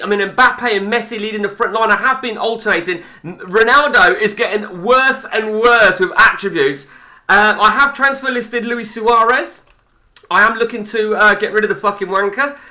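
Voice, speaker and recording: A man's voice: high-pitched, bright, forceful tone. A man streaming live, giving blunt, sweary, rambling commentary on a football management game.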